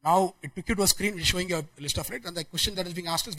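A man giving a technical conference talk, talking quickly with frequent restarts and fillers. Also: high voice, sharp tone, rough recording. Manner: rapid, many restarts and fillers. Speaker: conference speaker.

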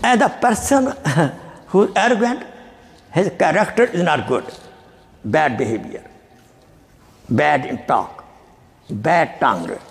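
Preacher guy, fired-up sermon, keeps asking the crowd questions, pitch jumping all over. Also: lively intonation, slow, gravelly, long pauses, long reverb tail, slight background noise. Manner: emphatic, rhetorical questions to the audience. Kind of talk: Friday sermon. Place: mosque hall.

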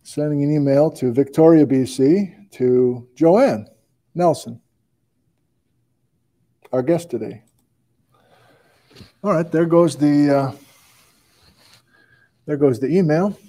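A man's voice: a little high, slow, long pauses, warm tone. A man hosting a casual livestream, upbeat as he greets viewers and reads out where they are watching from. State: out of breath. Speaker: host.

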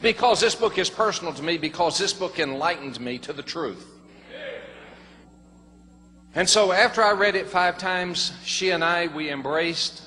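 Older guy preaching his testimony, folksy and earnest, bright punchy voice, big echoey hall. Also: sits high, moderate pace. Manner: folksy, earnest, rising to excited emphasis. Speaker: former pastor giving a testimony. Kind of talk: storytelling testimony to a congregation. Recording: long hall reverb, faint noise.

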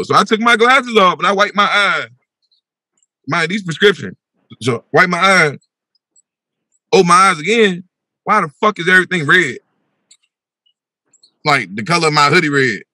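A young man telling a wild personal story on a podcast, animated and full of slang, acting out his own voice with big swings in pitch. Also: normal speed, long pauses, no room sound. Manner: slangy, repeats "bro" and "yo".

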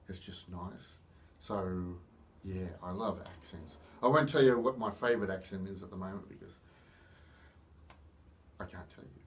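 A middle-aged Australian man talking casually to camera in a rambling, chatty way with self-mocking humour. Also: medium pitch. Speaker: vlogger. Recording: voice a bit far from the mic.

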